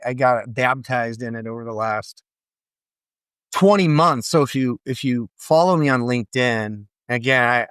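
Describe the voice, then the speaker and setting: A middle-aged man, a podcast guest, telling an emotional personal story in an earnest, animated way. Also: medium pitch, smooth, no echo, studio quality. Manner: earnest, animated, acts out quoted voices.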